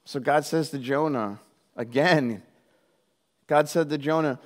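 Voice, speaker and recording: A man preaching a conversational sermon, animated and joking, acting out the voices of the people in the story. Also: on the high side, measured pace. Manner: animated, jokey, acts out quoted voices. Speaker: pastor.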